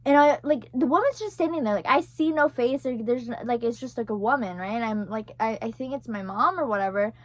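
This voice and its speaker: A woman's voice: a little high, a little fast, few pauses, no echo. Rambling young woman, dry close sound. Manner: rambling, heavy use of "like" and "right?"; swears casually. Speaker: vlogger. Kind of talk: casual storytelling to camera.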